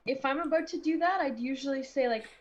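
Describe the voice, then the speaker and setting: A woman's voice: high voice, quick pace, muffled recording, slight background noise. A woman player chatting eagerly and casually in a tabletop game group. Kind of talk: casual chat over voice chat.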